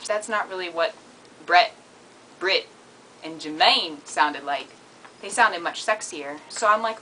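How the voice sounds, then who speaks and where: A young woman vlogging casually and goofily, rambling between jokes with sudden loud, squealing outbursts. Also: on the low side, animated, normal speed, slight background noise, rough recording. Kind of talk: casual comedic vlog.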